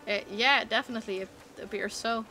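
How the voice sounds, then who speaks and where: Bright-voiced Dutch woman streamer. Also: on the high side, a little fast, a little hiss or hum. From Netherlands. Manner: playful, bursts into excited squeals. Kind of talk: casual gameplay chat.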